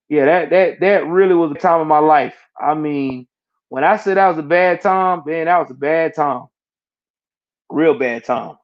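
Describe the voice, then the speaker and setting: Man telling his story, muffled audio. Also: a little high. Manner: halting, repeats words, Southern US speech. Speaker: interview guest. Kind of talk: personal storytelling in casual chat.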